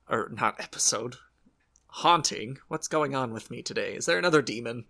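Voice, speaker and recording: A man's voice: medium pitch, animated, normal speed, vocal fry, sharp tone. A man co-hosting a horror podcast, chatting casually and rambling, correcting his own slips. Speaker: podcast co-host.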